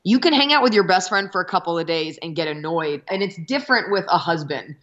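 Wry, chatty woman comedian, lowish voice. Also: animated, fast, a bit bright, lo-fi sound. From Texas. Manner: wry, self-deprecating, chatty with hesitations. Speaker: comedian guest. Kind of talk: casual interview over a remote call.

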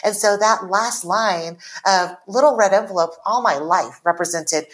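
A woman in her forties, born in Taiwan and raised in the US, speaking earnestly as a podcast guest and reading her own writing aloud slowly. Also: medium pitch, fairly bright tone. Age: 40s. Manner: reflective, earnest, slows down when reading. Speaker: author guest.

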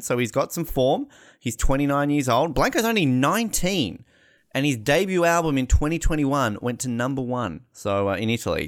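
A man hosts a relaxed panel conversation, wandering through his points with filler words and quick jokes. His voice sits at an ordinary middle pitch. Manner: rambling and jokey, many fillers. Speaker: podcast host. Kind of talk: casual panel chat.

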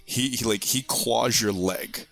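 A man's voice: medium pitch, unhurried, creaky, fairly bright tone, faint music behind. A man narrating as game master in a tabletop role-playing game, speaking hesitantly with many restarts.

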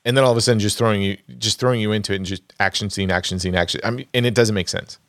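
A man's voice: on the low side, steady tone, rapid-fire, no room sound, clean studio sound. A man co-hosting a podcast, chatting casually about films and thinking aloud as he goes. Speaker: podcast co-host. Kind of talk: casual movie chat.

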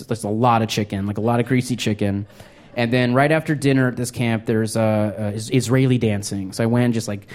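A young man doing stand-up comedy, telling a story in an animated, self-mocking way and acting out his younger self. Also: medium pitch, slight background noise.

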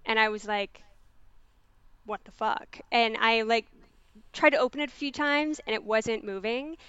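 A woman telling a story in casual podcast talk, animated, swearing freely and using lots of fillers. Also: fairly high pitch, moderate pace, smooth, no echo. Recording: dull, dry sound.

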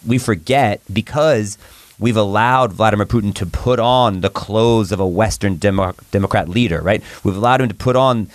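Low-voiced man talking politics, dry sound. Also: normal speed, no echo. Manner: rambling, self-correcting, laughing. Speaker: guest commentator. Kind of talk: political talk show discussion.

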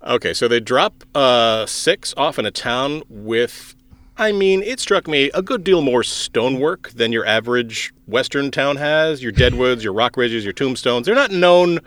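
Wry, animated male podcast host. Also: medium pitch, no room sound. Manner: wry, animated, quick to laugh. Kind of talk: casual chat.

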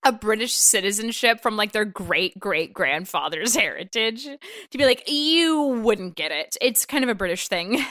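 A woman's voice: medium pitch, expressive, normal speed, sharp tone, no room sound, clean studio sound. A young adult woman co-hosting a comedy podcast, giggly and playful. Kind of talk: improv comedy chat.

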